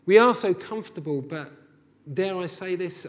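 A man preaching a sermon, impassioned and building to forceful, near-shouted peaks. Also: high-pitched, moderate pace, big-room sound. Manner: impassioned, rising to near-shouts when voicing God's anger.

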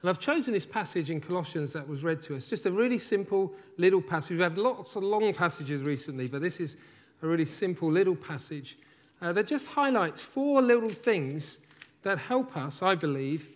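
A man's voice: a little high, expressive, moderate pace. A man preaching a sermon in a conversational, thoughtful way, often restarting his phrases. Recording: church hall with long reverb.

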